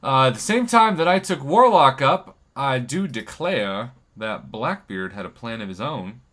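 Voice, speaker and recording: A man's voice: mid-range voice, very animated, a little slow, a bit bright. A man hosting a live game stream, chatting casually and joking while reading viewer comments. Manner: jokey, chatty, reads viewer comments aloud.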